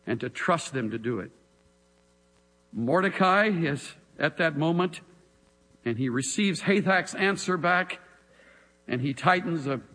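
A man preaching a sermon in a dramatic way, moving between hushed lines and emphatic calls. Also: on the high side. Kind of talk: expository sermon. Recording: long hall reverb.

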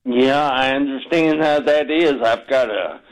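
A man's voice: medium pitch, a little slow, rough recording. A male radio host with a slight speech impediment, speaking carefully and concentrating on each word in casual chat.

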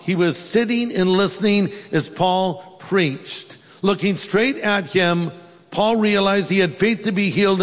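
In a large church hall, a pastor whose voice sits high for a man preaches a sermon. He tells stories and slips in humorous asides, while a long reverb trails each phrase.

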